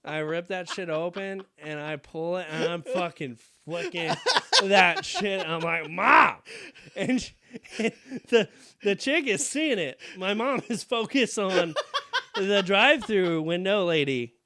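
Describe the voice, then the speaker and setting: His voice sits high and his pace is measured as this young podcast co-host tells stories. The chat is casual, and he's an animated, laughing storyteller who swears freely.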